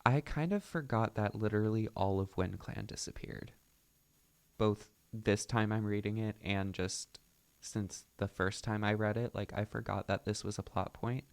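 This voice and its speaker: Guy reading a book out loud and chatting about it, low gravelly voice, easygoing asides. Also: moderate pace. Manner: chatty, musing asides, self-deprecating. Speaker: book reader and commentator. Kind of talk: reading aloud with casual commentary.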